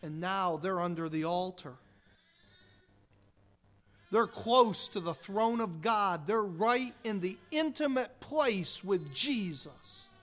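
A pastor preaching a dramatic sermon full of rhetorical questions, swinging from hushed tones to loud declarations. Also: mid-range voice, lively intonation, slow.

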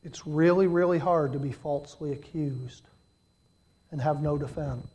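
A middle-aged man preaching a sermon, swinging from loud emphatic peaks to hushed low passages and acting out quoted voices. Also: moderate pace.

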